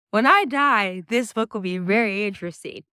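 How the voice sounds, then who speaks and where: A woman's voice: mid-range voice, sharp tone, clear, resonant tone, no room sound, studio quality. A young woman talking casually to a camera on a stand, chatty, laughing often and restarting her sentences. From United States. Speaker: vlogger.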